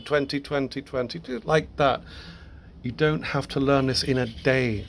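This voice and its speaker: A man with a slightly raised voice teaches Spanish grammar in a recorded lesson. He talks slowly and patiently, walking through each point with the odd small laugh. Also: a little high, a bit bright.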